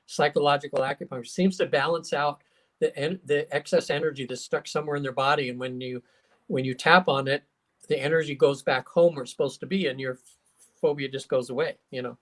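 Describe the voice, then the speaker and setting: A man with a somewhat higher voice tells his stories casually and with animation. He slips into the voices of the people he quotes and fills his talk with "you know" and "um." He sounds like a guest chatting on a call. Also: fairly quick. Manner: animated storyteller, acts out quotes, many fillers. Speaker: hypnotherapist guest. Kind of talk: casual storytelling interview.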